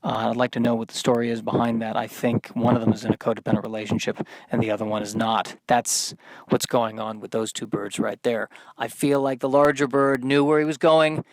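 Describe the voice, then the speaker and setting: A man's voice: mid-range voice, little pitch movement, a little fast, dry recording. A man hosting a solo podcast, rambling in a stream-of-consciousness monologue with self-deprecating humor. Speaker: podcast host.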